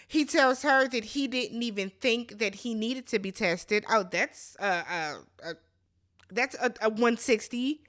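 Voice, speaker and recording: A woman's voice: on the high side, lively intonation, normal speed, fairly bright tone. A woman hosting a casual reality TV recap, sassy and chatty, talking straight to her viewers. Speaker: recap host.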